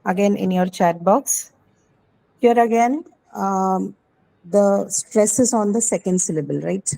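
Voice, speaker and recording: Woman, teacher, online class, patient explainer, warm tone. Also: mid-range voice, unhurried, gravelly, low-quality recording. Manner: patient, explanatory, often checks with "right?". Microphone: video call.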